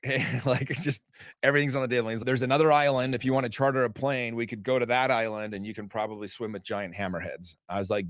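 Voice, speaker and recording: A man's voice: mid-range voice, fairly even intonation, quick pace, a bit bright, dry recording, studio quality. A man who is a podcast guest, telling a story in a casual, emphatic way, swearing freely and acting out dialogue. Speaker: podcast guest, author and men's group founder. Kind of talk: animated storytelling in conversation.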